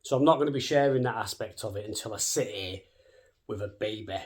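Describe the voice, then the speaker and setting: A man in his thirties talking fast and cheekily to camera in a casual vlog, swearing freely. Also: lowish voice, a little hiss or hum. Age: 30s. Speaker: vlogger.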